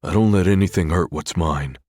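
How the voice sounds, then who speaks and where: A man narrating an audiobook who voices a gruff, possessive tough guy who grunts his replies. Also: sits low, a little fast, darkish tone, no echo, studio quality.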